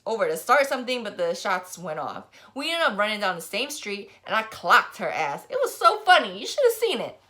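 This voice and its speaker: A woman voicing a brash, chatty teenage girl who tells gossip loudly and uses slang. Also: medium pitch. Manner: loud, lively storytelling with slang.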